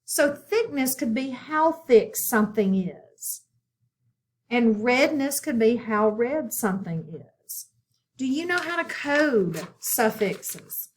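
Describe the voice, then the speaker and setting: This woman's voice is a little high and expressive as she teaches phonics slowly and patiently. She encourages the class, poses questions to them, and sounds out and repeats words slowly.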